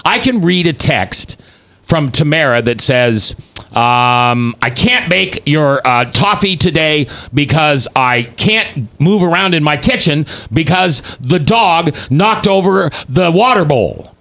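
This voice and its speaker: A man's voice: on the high side, animated, slow pace, bright, forceful tone. A man in his fifties hosting a talk radio show, delivering preachy commentary and acting out the quotes he reads. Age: 50s. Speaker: radio host.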